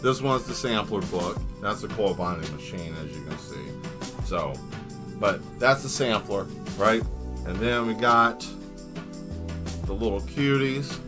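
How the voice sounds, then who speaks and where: A man hosting a live stream as an artist, chatting casually and playfully while showing his artwork, rambling with bursts of excitement. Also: lowish voice, unhurried, music in the background.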